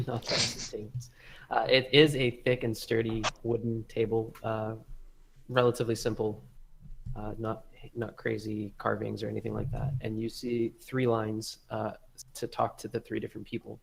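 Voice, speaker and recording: Gravelly-voiced young male game master. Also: fairly low pitch, level tone, moderate pace, rough recording. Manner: casual, filler-heavy narration. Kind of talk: narrating a tabletop game.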